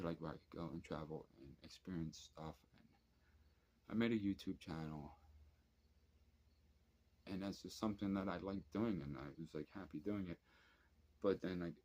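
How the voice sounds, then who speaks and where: A man's voice: low-pitched, animated, normal speed, pauses often, a little mellow. A man in his thirties ranting casually to camera at night, telling rambling, profane stories with many fillers. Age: 30s. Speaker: vlogger. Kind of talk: casual late-night rant. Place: at home at night, drinking and smoking.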